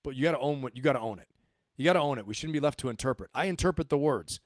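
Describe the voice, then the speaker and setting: A retired Marine officer in middle age hosts his channel, offering viewers casual commentary that's emphatic, repetitive, and full of rhetorical questions. His medium-pitched voice races along, captured in studio quality with no room sound.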